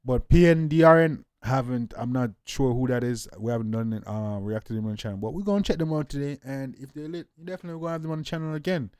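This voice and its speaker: A man's voice: medium pitch, quick pace, few pauses, a little mellow, smooth, no echo, studio quality. Hyped-up man hosting a music reaction. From Jamaica. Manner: loose and hyped, peppered with "yeah, man". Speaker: music reaction channel host. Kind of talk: casual reaction commentary.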